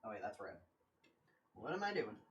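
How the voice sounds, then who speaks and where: A man's voice: on the low side, big pitch swings, moderate pace, dull audio, slight background noise. Joking young man rambling on stream. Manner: joking, rambling self-talk with frequent laughs. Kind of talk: casual livestream chat.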